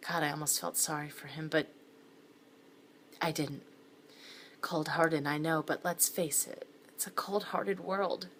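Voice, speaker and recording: A middle-aged woman with a notably deep voice reads a first-person thriller. Her delivery is dry and sardonic, with quiet whispered stretches. A faint hiss sits under the voice. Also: fairly even intonation, a little slow, long pauses. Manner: wry, sardonic asides, sometimes dropping to a whisper. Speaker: narrator of a thriller web series. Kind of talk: scripted first-person narration.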